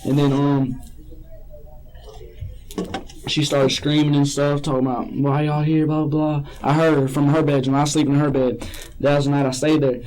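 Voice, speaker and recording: A man's voice: on the high side, flat delivery, moderate pace, pauses often, a little mellow, slight background noise, rough recording. Rambling man in a police interview. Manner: rambling, hesitant, repeats himself.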